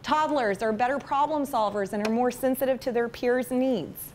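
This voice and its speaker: A woman's voice: on the high side, moderate pace, a little hiss or hum. A woman, a counselor giving a chatty, self-deprecating talk to parents in a school meeting room. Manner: chatty and self-deprecating, acts out funny stories. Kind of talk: lively public talk to parents.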